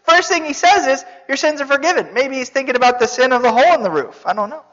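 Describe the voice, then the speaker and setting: A preacher giving a sermon, telling the story with animated asides, rhetorical questions and jokes. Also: high-pitched, quick pace. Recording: dull reverberant hall recording.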